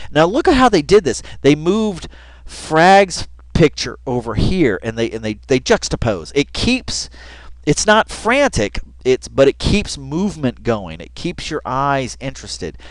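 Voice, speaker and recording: A man's voice: mid-range voice, dry recording. Rambling, wry male video commentator. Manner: rambling, wry, swears freely, thinks aloud. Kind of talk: casual commentary over a video.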